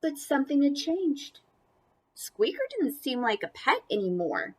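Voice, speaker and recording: Animated woman reading a picture book aloud. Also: high voice, a little slow. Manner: animated, playful, talks to children. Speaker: storybook reader. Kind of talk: picture-book read-aloud with chatty asides.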